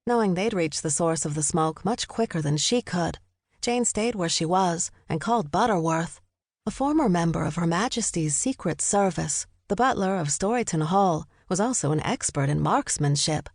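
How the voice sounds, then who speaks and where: A woman's voice: fairly low pitch, lively intonation, normal speed, no echo. Woman narrating a cozy mystery. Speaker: audiobook narrator. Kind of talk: scripted narration. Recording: dry studio close mic.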